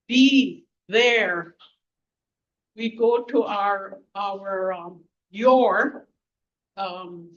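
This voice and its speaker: A woman speaks at a community gathering in a blunt, angry, outspoken way, talking slowly and stopping often to hunt for the right word. She is heard from some distance, and the recording sounds dull and low-fidelity. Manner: halting, searching for words. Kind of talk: impromptu public speech. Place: community event hall.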